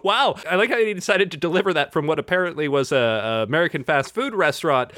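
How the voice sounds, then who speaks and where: A man hosting a podcast in casual chat, talkative and quick to laugh, swearing when he gets excited. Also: fairly high pitch, no echo, clean studio sound. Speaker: podcast host.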